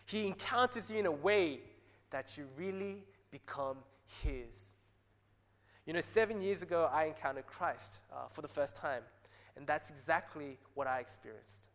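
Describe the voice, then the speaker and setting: A man preaching a sermon as pastor, earnest, rising to excited peaks and dropping soft again. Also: a little high, normal speed. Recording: long hall reverb.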